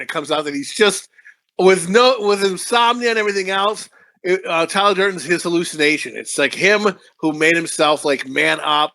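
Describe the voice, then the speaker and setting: A man's voice: fairly high pitch, gravelly, bright, forceful tone, dry recording. A man co-hosting a movie review podcast, talking in a crude, rambling way, swearing constantly and laughing often. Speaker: podcast co-host.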